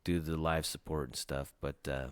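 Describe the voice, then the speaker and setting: A man's voice: a bass voice, level tone, normal speed, clean tone, no room sound. A man hosting a casual podcast, rambling loosely with lots of hesitations. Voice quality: rambling, lots of fillers and restarts. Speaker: podcast host.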